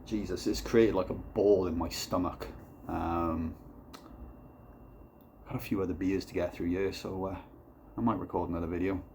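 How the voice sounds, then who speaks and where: A man doing a casual comic vlog, rambling and swearing through a deadpan story while reviewing a beer. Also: low voice, normal speed, long pauses, slight background noise.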